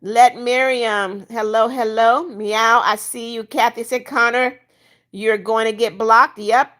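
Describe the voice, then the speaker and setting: Older lady doing a livestream, reads chat out loud, higher voice, blunt with trolls. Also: steady tone. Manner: reads viewer comments aloud, brisk and blunt when kicking people out. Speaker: livestream host reading chat.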